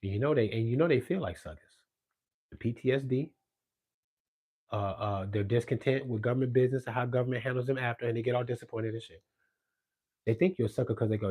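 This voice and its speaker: Brief: man, mid pitch, angry profane monologue, mutters then erupts. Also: fast, breathy edge. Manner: profane, confrontational, swings from low mutter to loud outbursts. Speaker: podcast host ranting on politics.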